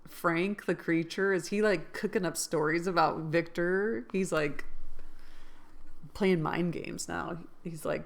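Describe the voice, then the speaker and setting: Woman reading a classic aloud, lowish voice. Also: a little slow. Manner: earnest reading broken by excited asides. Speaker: audiobook reader and book vlogger. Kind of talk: reading a novel aloud with casual commentary.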